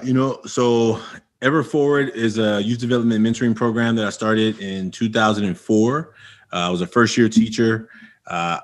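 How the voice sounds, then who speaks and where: A middle-aged man from Oakland, California, telling his life story as a podcast guest and acting out old conversations with energy. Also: on the low side. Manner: animated storyteller acting out past dialogue. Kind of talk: storytelling interview.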